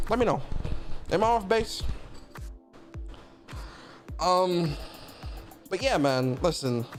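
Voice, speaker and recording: Slangy man hosting a gaming stream. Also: on the high side. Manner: slangy and animated, reads out chat comments. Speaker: host of a gaming news stream. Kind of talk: casual livestream chat.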